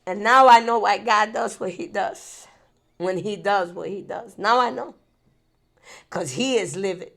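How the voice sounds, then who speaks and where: Casting: woman spiritual vlogger, bright gravelly voice, repeats lines, tearful edge. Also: mid-range voice, a little slow. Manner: laughs between thoughts, repeats phrases. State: tearful, angry. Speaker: spiritual channel host. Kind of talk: emotional direct-to-camera vlog.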